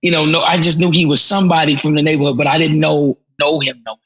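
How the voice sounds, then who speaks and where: Gravelly, animated man. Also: a little high, quick pace, low-quality recording. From Chicago. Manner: animated, slangy, frequent restarts. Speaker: podcast guest. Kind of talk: casual storytelling.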